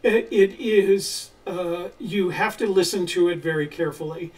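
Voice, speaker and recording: A man co-hosting a casual live chat, answering viewer questions in a measured, explanatory way with frequent pauses. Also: sits high. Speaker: co-host of a treasure-hunt channel. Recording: voice a little distant from the mic.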